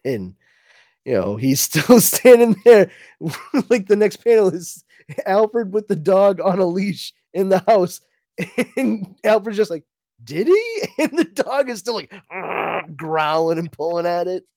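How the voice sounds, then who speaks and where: A man's voice: high voice, animated, a little slow, a little mellow, no room sound, clean studio sound. A man co-hosting a podcast, recapping a comic book in a casual, laughing way with many fillers. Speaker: podcast co-host.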